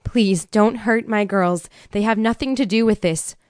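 A woman's voice: mid-range voice, measured pace, a little mellow, clean tone, no room sound, studio quality, voice pushed up, close to an everyday voice. A woman voicing a terrified young mother in an audiobook, speaking in a desperate, pleading way.

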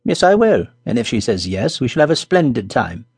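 A man voicing an eager, boastful schoolboy in a children's storybook reading, lifting his voice high with excitement. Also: brisk, slightly rough, dry recording, clean studio sound.

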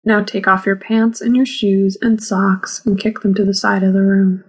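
A woman narrating a first-person memoir audiobook in a slow, measured reading. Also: mid-range voice, level tone, breathy edge, rough recording.

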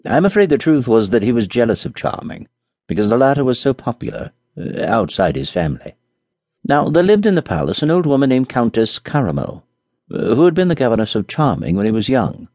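A man narrating a fairy-tale audiobook in an expressive storytelling way. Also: medium pitch, fairly quick, no echo.

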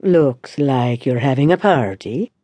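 A woman narrator voicing a deep-voiced man with an Italian accent, speaking low and intimately in an audiobook. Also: animated, measured pace, warm tone, no echo, full character voice. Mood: low tender.

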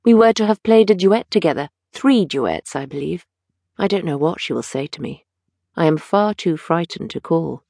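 A woman voicing an eager, petulant young gentleman in an audiobook, with lively, pleading delivery. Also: fairly low pitch, normal speed, vocal fry, dry recording, clean studio sound.

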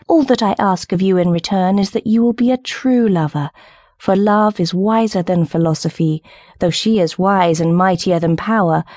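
A woman voicing a small, brave female nightingale in an audiobook, high and imploring. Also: a little mellow, dry recording, close to an everyday voice. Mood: rapturous. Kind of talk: audiobook character reading.

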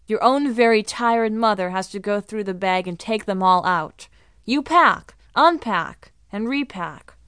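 A woman's voice: mid-range voice, lively intonation, measured pace, fairly bright tone, clear, resonant tone, dry recording, clean studio sound. A woman voicing a young girl who mimics a stern grown-up and scolds herself in a mock-stern lecturing tone.

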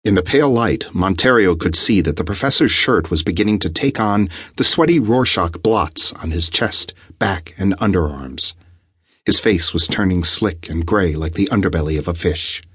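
A man narrates an audiobook in a measured, suspenseful manner. His voice is very low and husky. The recording is close and dry. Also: lively intonation, fairly bright tone, dry recording. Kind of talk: scripted narration.

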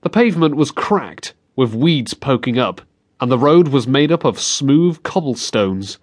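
A man reading a novel aloud as an audiobook narrator, in measured, expressive storytelling. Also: mid-range voice. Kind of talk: scripted narration. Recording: dry close studio sound.

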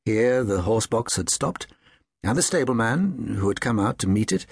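A man narrating a children's audiobook with expressive, lively storytelling. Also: fairly low pitch, moderate pace, creaky, breathy edge, no room sound, studio quality.

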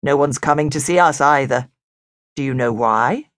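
A woman voicing a smug, know-it-all male brown bear in a children's storybook, lower and slower. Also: dry recording, studio quality.

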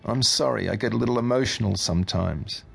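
A man's voice: fairly low pitch, a little fast, vocal fry, slightly rough, faint music behind, full character voice. A man voicing a fretful, frightened wife. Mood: anxious. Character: anxious frightened wife on the phone.

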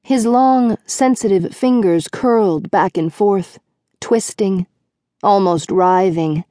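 Narrating an audiobook, a woman reads her script in an even, measured storytelling style at a medium pitch. No room sound comes through, just clean studio audio.

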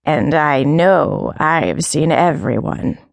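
A woman voicing a scornful old female alley cat with a deep, raspy, taunting voice and a slow sing-song delivery. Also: lively intonation, no room sound, heavily acted.

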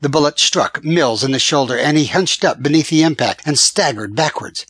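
A man reading a western audiobook as a first-person narrator, with measured, steady storytelling. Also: a little high, breathy edge, no room sound.

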